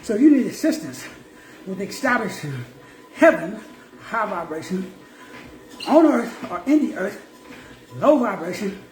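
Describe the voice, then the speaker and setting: A man's voice: high voice, very animated, unhurried, pauses often. A man giving a preachy motivational talk as a self-help teacher, emphatic and repetitive with slang. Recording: roomy echo, faint music.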